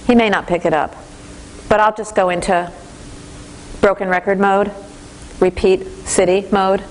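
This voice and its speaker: A woman's voice: mid-range voice, a little slow, pauses often, slight background noise, low-quality recording. A woman giving a parenting training lecture to a class, telling stories and acting out voices. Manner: lively storytelling, acts out voices.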